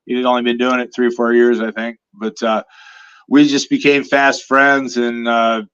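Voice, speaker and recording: A man from the Detroit area chatting as a guest on a podcast, telling lively stories and acting out what other people said. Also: medium pitch, moderate pace, clear, resonant tone, lo-fi sound. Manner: storytelling, animated quoting of others. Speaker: guest superfan. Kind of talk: casual podcast chat.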